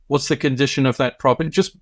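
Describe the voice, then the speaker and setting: Measured man explaining on a podcast. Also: mid-range voice, steady tone, no echo, studio quality. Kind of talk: casual podcast chat.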